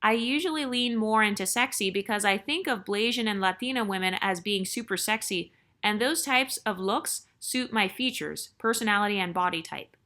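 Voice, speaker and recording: A woman's voice: mid-range voice, normal speed, few pauses, sharp tone. A woman hosting her channel, reading a viewer's story aloud in a chatty way and breaking in with joking asides.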